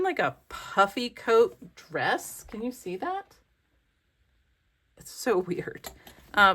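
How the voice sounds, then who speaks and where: A woman's voice: medium pitch, a bit bright. A woman craft vlogger chatting casually as she flips through her pages, rambling and gushing over favorites. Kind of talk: casual flip-through commentary. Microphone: desk camera.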